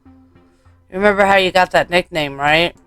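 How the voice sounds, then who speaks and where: A man's voice: sits high, unhurried, sharp tone, smooth, no room sound, faint music behind. A man voicing a smothering, sugary mother figure. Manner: sugary, smothering pet names. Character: doting, unsettling adult woman, motherly, obsessive.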